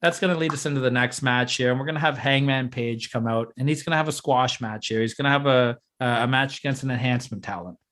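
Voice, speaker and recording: Man, casual podcast chat, excited, teasing, step-by-step explainer. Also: medium pitch, quick pace, few pauses. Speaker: podcast co-host booking a fantasy wrestling show.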